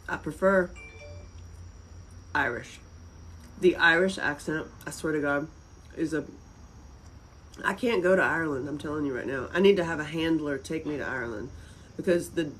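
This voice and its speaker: A woman's voice: low-pitched, normal speed, a bit bright, poor audio. A woman from North Carolina with a Southern accent, chatting casually and rambling on a livestream. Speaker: livestream host.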